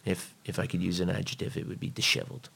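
A man being interviewed, telling a personal story in a blunt, profane, animated way. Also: deep voice, quick pace, vocal fry, husky.

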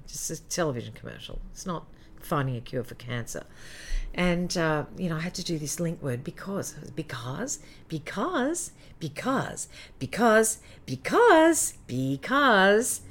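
A middle-aged Australian woman, a former jingle singer, telling lively anecdotes in a casual interview and acting out the quotes. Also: low voice.

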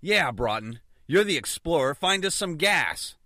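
Brief: wisecracking American adventurer, man voicing him, bright tone, very lively. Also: on the high side, unhurried, dry recording, clean studio sound, full character voice. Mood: awkward. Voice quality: sarcastic, wisecracking. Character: sarcastic American adventurer, young adult man. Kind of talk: audio drama acting.

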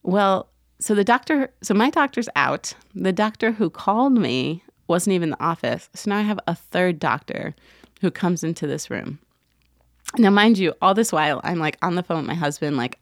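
A woman with a fairly low voice tells a personal story straight to her listeners. She is animated, slipping into other people's voices as she goes. The sound is close and dry. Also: normal speed, no echo. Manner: animated, acts out quoted voices, laughs often. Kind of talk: casual storytelling monologue.

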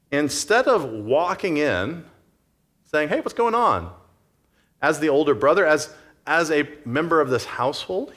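A man's voice: mid-range voice, fairly bright tone. A man preaching a sermon in a conversational way, acting out the story's scenes. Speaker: pastor.

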